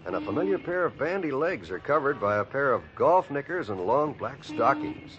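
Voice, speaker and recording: A male announcer setting the scene in smooth, measured 1940s radio style. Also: mid-range voice, very animated. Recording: dull old radio recording with music.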